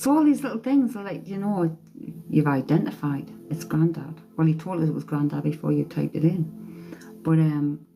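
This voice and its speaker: A psychic medium on a live stream chats with viewers, relays spirit messages and laughs often. Her low-sitting voice is creaky and warm at a moderate pace, with faint music behind, captured by a phone or webcam.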